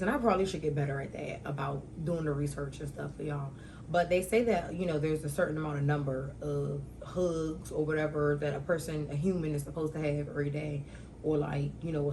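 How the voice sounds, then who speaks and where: A young woman hosting her own talk show, telling stories casually with slang and sudden loud outbursts. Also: low-pitched, a little hiss or hum, low-quality recording.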